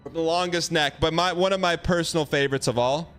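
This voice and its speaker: A man's voice: a little high, quick pace, fairly bright tone, slight background noise. A man hosting a gaming livestream, chatting casually, joking and reading out chat. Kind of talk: casual chat while streaming a game.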